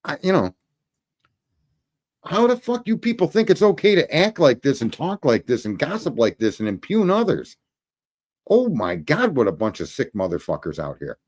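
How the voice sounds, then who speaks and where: A man hosting a ranting livestream, talking profanely and combatively as he calls out commenters by name. His voice sits a touch high for a man and moves with a lively, swinging pitch. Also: normal speed. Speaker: livestream host.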